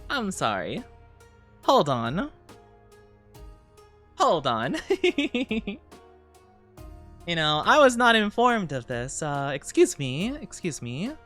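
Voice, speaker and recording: A woman VTuber casually chatting with her live-stream viewers, playful and quick to laugh. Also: lowish voice, faint music behind. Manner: playful, giggly, animated.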